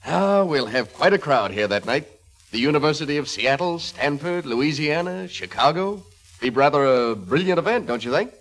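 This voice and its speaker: An actor playing a friendly, puzzled astronomer colleague in a 1940s radio comedy, with brisk, chatty questions. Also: male voice, fairly high pitch, animated, fairly bright tone.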